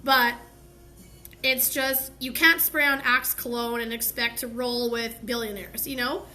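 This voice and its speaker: A woman's voice: a little high, fairly even intonation, unhurried, bright, forceful tone, faint music behind. A young woman hosting a live stream, giving a candid, heartfelt motivational talk with slangy asides.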